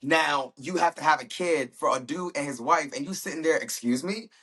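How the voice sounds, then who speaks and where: A man's voice: fairly high pitch, fairly quick, sharp tone, husky. A man hosting a podcast, casually recapping a TV episode in a chatty, slangy way and acting out quoted lines. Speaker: podcast host.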